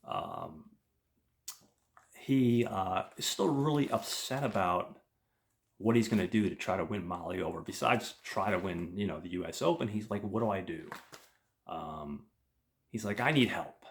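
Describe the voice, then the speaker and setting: A man's voice: sits low, animated, unhurried, gravelly. A man host casually retelling a movie plot, rambling with many fillers. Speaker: podcast host.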